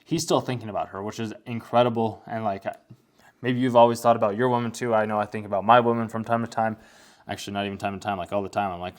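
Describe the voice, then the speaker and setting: A man's voice: lowish voice, steady tone, quick pace. A young man giving casual anime commentary, rambling along with lots of "like" fillers.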